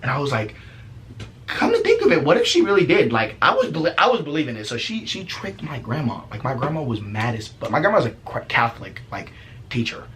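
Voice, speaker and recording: A young man casually telling a story as a vlogger, profane and animated, laughing often. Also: medium pitch, fast, a little hiss or hum.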